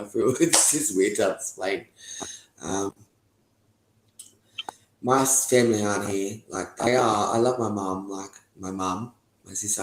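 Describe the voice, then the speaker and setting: Man, lowish voice, rambling, swears a lot, echoey room. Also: background noise. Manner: rambling, heavy swearing, frequent laughs. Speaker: interviewee giving testimony. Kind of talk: candid casual talk.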